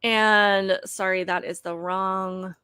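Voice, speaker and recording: A woman's voice: medium pitch, steady tone, bright, forceful tone, clear, resonant tone, dry recording. Woman giving opinionated commentary, dry sound. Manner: earnest, brisk, talks straight to viewers. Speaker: political commentary host.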